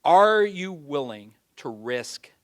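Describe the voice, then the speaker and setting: A man preaching a sermon, folksy in his phrasing, swinging from loud pleading to hushed, near-whispered lines. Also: on the high side, sing-song, slow, smooth.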